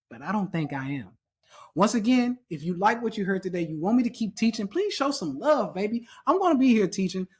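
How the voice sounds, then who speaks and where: A man's voice: high-pitched, husky. A man teaching trading in a casual chart walkthrough, emphatic and repetitive, drilling his points home.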